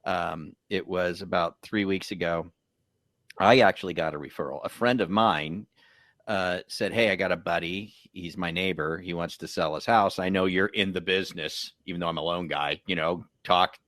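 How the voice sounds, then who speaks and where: A man who works as a loan officer, telling a story in a casual, animated way and acting out what people said. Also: sits low, moderate pace, no echo. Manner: animated storyteller, acts out quotes.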